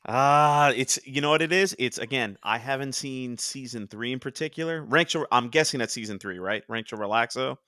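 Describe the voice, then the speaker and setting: Young man, from New Jersey, bright voice, dry close mic, chatty podcast host. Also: mid-range voice, moderate pace, hardly any pauses, no room sound. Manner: chatty, quotes cartoon lines in animated voices. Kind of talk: casual podcast chat.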